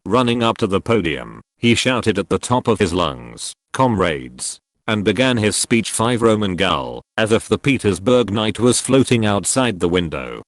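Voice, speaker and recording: A male audiobook narrator with a low voice that rises and falls in lively swings of pitch. He reads in a measured, expressive way. The sound is dry and close, like a small recording booth. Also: dry recording. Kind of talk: scripted narration.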